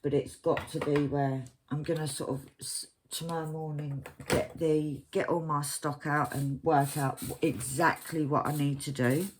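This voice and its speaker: A woman's voice: sits low, steady tone, measured pace, few pauses, background noise. A woman chatting casually while she crafts at home, rambling and poking fun at herself. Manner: rambling, chatty, self-mocking. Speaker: crafting vlogger. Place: at home, at her craft desk.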